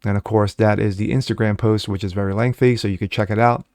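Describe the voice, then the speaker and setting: A man talks fast in a fairly low, darkish voice with a steady tone, giving sarcastic takes on news stories as a commentary vlogger. He reads articles aloud and adds mocking asides between passages, in clean studio sound with no room noise.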